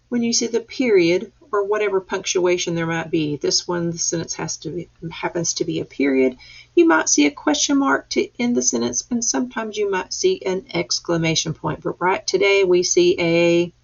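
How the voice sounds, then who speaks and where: A woman's voice: mid-range voice, normal speed, gravelly. A woman teacher leading a reading lesson for young children, patiently sounding out letters and words. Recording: dull lo-fi recording.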